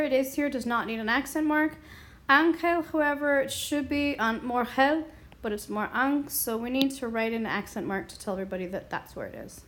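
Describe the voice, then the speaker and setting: A woman with a slightly high voice walks through a lesson step by step. She is patient and sounds words out slowly, repeating them so they can be heard clearly. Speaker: Spanish teacher. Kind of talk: classroom explanation.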